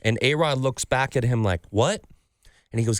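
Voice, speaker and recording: A male podcast host tells stories in an animated, swearing, casual style. His pitch sits in a middle range. The studio sound is dry and close. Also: normal speed, no echo. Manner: animated storyteller, swears freely, acts out quotes. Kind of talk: casual sports card chat.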